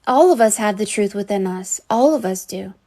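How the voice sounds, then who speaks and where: A woman's voice: mid-range voice, animated, moderate pace, mellow. A woman giving a live psychic reading, earnest and rambling, with many fillers and restarts. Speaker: psychic reader.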